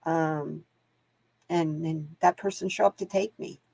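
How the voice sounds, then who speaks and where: A woman's voice: low voice, steady tone, measured pace, gravelly, a little mellow, slightly rough, no room sound. A woman hosting live card readings, chatting casually to viewers and laughing often as she wanders off into stories. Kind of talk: casual livestream chat.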